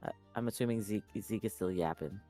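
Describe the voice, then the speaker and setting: A woman's voice: extremely low pitch, a little fast, mellow, faint music behind. A woman playing in a tabletop game, talking in a dry, joking way. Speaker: player. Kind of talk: casual tabletop gaming chat.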